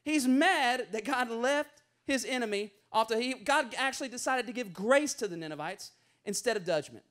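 A pastor delivers a sermon in a strikingly high voice. He is animated and playful, slipping into voices for the people in his stories. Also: normal speed.

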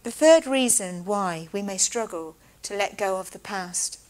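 A woman preaching a sermon in a measured, conversational way. She slows down to stress key words and drops in casual asides. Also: medium pitch, animated, darkish tone, rough recording.

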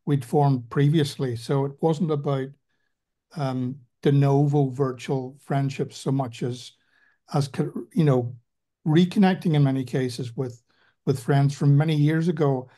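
A man's voice: mid-range voice, steady tone, a little slow, warm tone. A man with an Ulster Scots accent, a participant on a video call, speaking in a hesitant, reflective way.

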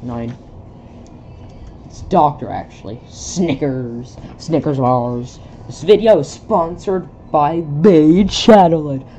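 A woman at home reading a film script aloud for laughs, stumbling over lines in a deadpan way. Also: sits low, slow pace, slight background noise. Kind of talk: casual comedic script reading. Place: home with a pet dog.

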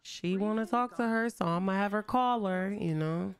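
A woman's voice: mid-range voice, moderate pace. A young woman streaming a life-simulation game, chatting in slang and talking to her characters as she plays. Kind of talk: casual game commentary.

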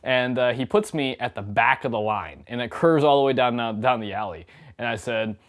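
A man's voice: medium pitch, normal speed, fairly bright tone. A young man and indie filmmaker telling a story to camera in a casual, upbeat way, chatty and laughing often.

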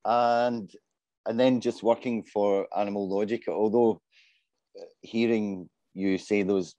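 A man's voice: on the low side, fairly even intonation, slow pace, dark tone, no echo. A man in his forties speaking as a panelist in casual panel talk, modest and self-deprecating. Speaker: panelist, business development lead.

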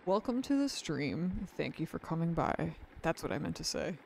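A worn-out streamer chats casually over gameplay after a long day, rambling, restarting often and apologizing when words trip him up. The voice is mid-range and creaky with a darkish tone, big pitch swings and a moderate pace, over slight background noise.

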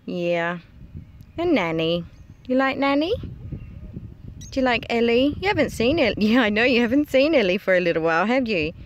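A woman's voice: fairly high pitch, very animated, normal speed, long pauses, highs cut off, a little hiss or hum. A woman chatting to her dogs in a playful, cooing baby-talk voice in a casual vlog. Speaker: dog owner vlogger.

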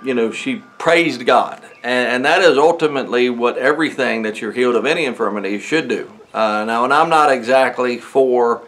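In a church sanctuary, a man delivers a casual sermon, reading Bible verses and explaining them loosely with frequent chuckles, fillers and restarts. His voice is medium-pitched and fairly bright, moving at a normal speed with few pauses.

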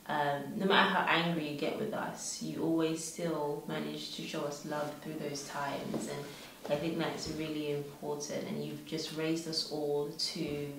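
A woman speaks earnestly to her mother in a very low voice, stumbling now and then on fillers. She is far from the mic in a strongly echoing room. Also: background noise. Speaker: daughter speaking in a family tribute. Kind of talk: heartfelt family chat.

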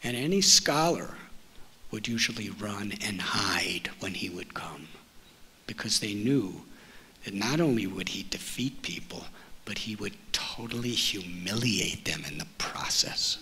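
A man, a spiritual teacher telling a story to an audience in a library auditorium, speaking gently and letting his phrase endings fall soft. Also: on the low side, expressive, unhurried, slight background noise. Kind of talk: storytelling talk.

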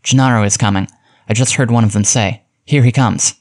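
A man reading aloud and voicing an excitable male helper who translates overheard talk in a hurried, eager way. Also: lowish voice.

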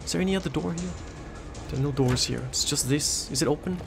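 A man's voice: fairly high pitch, quick pace, gravelly, over music. A man giving let's play commentary, panicking, swearing and joking to himself. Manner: panicky, swearing, jokey self-talk. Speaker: game streamer.

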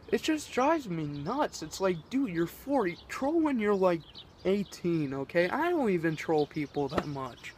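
A man's voice: sits high, very animated, a little slow, a little hiss or hum. A teenage boy vlogging, rambling and exasperated as he rants, swearing often. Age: teens. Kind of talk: ranting vlog.

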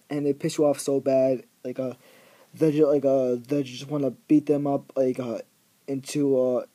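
A man's voice: fairly high pitch, mellow. Rambling, ranting teenage guy. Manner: exaggerated, rambling rant with many fillers. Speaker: vlogger. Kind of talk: ranting vlog monologue.

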